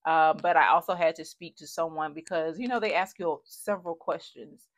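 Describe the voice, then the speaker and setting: A woman's voice: sits low, moderate pace. Emotional woman in her thirties telling her story. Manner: conversational and emotional, talks herself through tears with laughs. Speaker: vlogger sharing a personal story. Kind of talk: candid personal storytelling.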